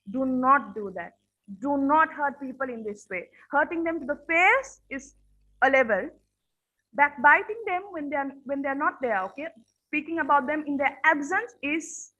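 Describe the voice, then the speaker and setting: A woman's voice: sits high, fairly bright tone, muffled recording. A woman teacher giving a classroom lesson on manners, speaking earnestly, repeating her points and checking in with her students.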